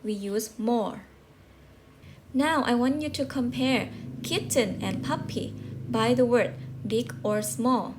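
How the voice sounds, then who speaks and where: Slow, patient woman teaching English. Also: on the high side, background noise. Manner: patient, repeats and checks with rhetorical questions. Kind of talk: slow classroom explanation.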